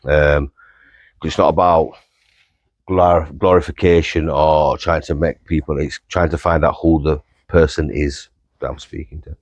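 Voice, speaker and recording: A man's voice: extremely low pitch, little pitch movement, a little slow, no room sound, muffled recording. A man hosting a podcast in an easygoing, casual way, chuckling as he sets up his questions. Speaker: podcast host.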